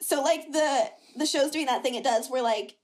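Young woman gossiping on a podcast, high voice, lots of "like". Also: moderate pace. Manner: chatty storyteller, acts out quotes. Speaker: podcast co-host. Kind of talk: casual chat recapping a reality show.

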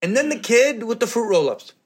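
A man telling a personal story to an audience, animated and acting out the voices of people in it. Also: very high-pitched, a little fast, slightly rough. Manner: animated, acts out voices in quotes, laughs often.

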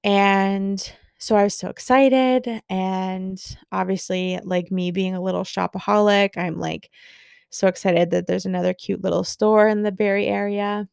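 Young woman, excitable casual storytelling, dry close sound. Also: mid-range voice, measured pace, gravelly, clean tone, dry recording. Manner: gushing, excitable, lots of fillers. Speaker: podcast host.

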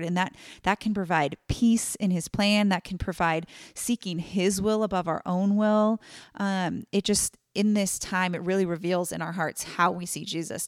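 A woman's voice: on the low side, no room sound, studio quality. Chatty woman hosting a Bible podcast. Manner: chatty, many fillers, warm and earnest. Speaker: podcast co-host. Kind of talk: casual Bible study chat.

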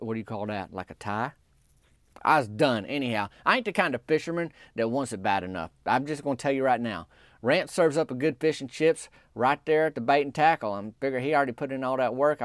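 Brief: man, folksy deadpan storyteller, rambling country drawl, dry close sound. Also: on the high side, no room sound. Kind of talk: deadpan comedic storytelling monologue.

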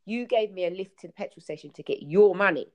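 Animated woman telling travel stories. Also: mid-range voice, fast. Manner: animated storyteller, acts out quotes. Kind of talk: casual podcast chat.

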